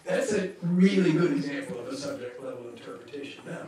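A man leading a seminar, telling a case story in a lively way, acting out the people he quotes, with hesitations and restarts. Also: mid-range voice, a little fast. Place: lecture hall. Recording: echoey hall from far off, faint noise.

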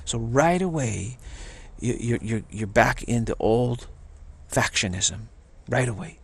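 A man speaks in a gravelly, slightly husky voice of ordinary pitch. He muses through a reflective spiritual talk, doubling back on his words. Now and then he slips into the voices of the people he quotes. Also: slow. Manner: rambling, repeats words, acts out quoted voices.

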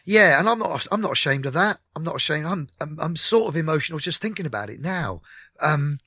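His voice runs on the high side, brisk and slightly rough, captured dry at studio quality. A middle-aged musician appearing on a radio interview, he tells candid stories in an animated way, acting out the conversations.

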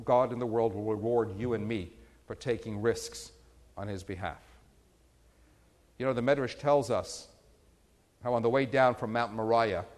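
With a medium-pitched, slightly mellow voice and a long reverb tail, a male rabbi delivers a sermon, telling funny stories that climb to emphatic peaks.

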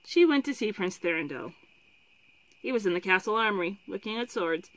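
A woman's voice: mid-range voice, expressive, a little fast, a bit bright, no echo, poor audio. A woman reading a fantasy novel aloud and chatting casually between passages. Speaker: book reviewer.

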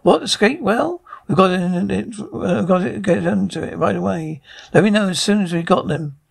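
A man's voice: sits high, normal speed, vocal fry, husky, full character voice. A man reading the part of a flustered, stammering prison commandant.

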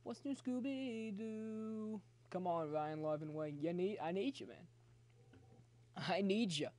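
A young man with a fairly high voice streams a baseball video game live from his phone. He cheers his batters on and chats loosely with his viewers. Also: unhurried. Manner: excitable, talks to chat, cheers players on. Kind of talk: live gameplay commentary.

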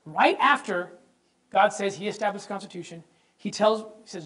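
A male presenter with a high voice delivers a fervent lecture on religious history at a normal speed, captured in a rough recording. He's emphatic, fires rhetorical questions at the room, and stumbles into repeated words when he gets fired up.

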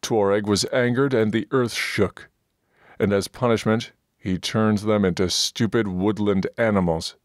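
A man voicing a gruff, bullying male dwarf priest in an audiobook, scornful and pompous. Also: lowish voice, fairly even intonation, a little slow, no room sound, studio quality, pitched above the performer's own voice, natural voice.

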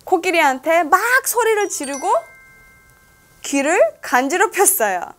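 A woman's voice: sits high, sing-song, racing, sharp tone. A woman reading a children's storybook aloud as a lesson, switching between English and Korean, playful and full of questions to the listener. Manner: playful, asks the listener questions, laughs often.

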